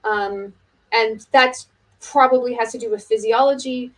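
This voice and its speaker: A middle-aged woman teaching oboe technique in a relaxed video lesson, talking casually with many fillers and restarts. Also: a little high, a little slow, rough recording.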